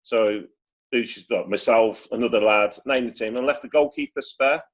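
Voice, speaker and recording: A man's voice: mid-range voice, normal speed. A man, a former footballer casually telling rambling stories over a video call. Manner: chatty, rambling with many restarts and acted quotes. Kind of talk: casual storytelling.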